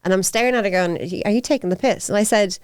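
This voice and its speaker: A woman's voice: mid-range voice, racing, clear, resonant tone, dry recording, clean studio sound. A young Irish woman comedian co-hosting a podcast, chatty and teasing with short agreements. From Ireland. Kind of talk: casual chat.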